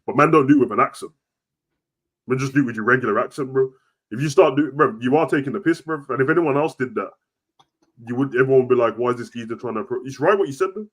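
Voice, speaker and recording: A young man chatting casually about football, slangy and animated. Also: medium pitch. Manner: slangy, animated, quick banter. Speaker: football podcast co-host. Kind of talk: casual chat.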